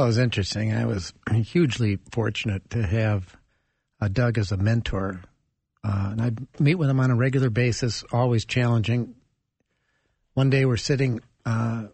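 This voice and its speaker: Male author guest, husky, animated storyteller, dry sound. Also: mid-range voice, no echo. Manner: animated storyteller acting out dialogue, chuckling. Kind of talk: storytelling interview answer.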